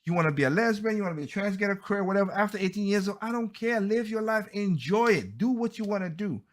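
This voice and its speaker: A man's voice: high-pitched, animated, fast talker. A man hosting a podcast, giving heated, blunt opinion commentary and often stumbling over and repeating his words. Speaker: podcast host.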